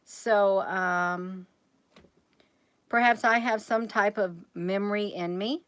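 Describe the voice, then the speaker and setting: A woman's voice: mid-range voice, steady tone, slow pace, a bit bright, clear, resonant tone, dry recording. A woman hosting a casual livestream, rambling and chatty as she keeps talking straight to her viewers.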